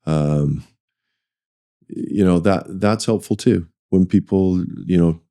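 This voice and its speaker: A man's voice: sits low, takes it slowly, mellow, clear, resonant tone. A middle-aged man, a finance executive, telling career stories in an interview, rambling with restarts and acting out quoted dialogue. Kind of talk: conversational interview storytelling.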